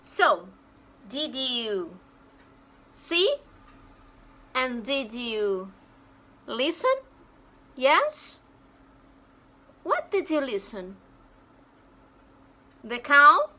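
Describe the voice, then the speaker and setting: A woman teaching English to young children, talking slowly and imitating animal sounds. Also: sits high, very animated, sharp tone. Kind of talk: online lesson for children.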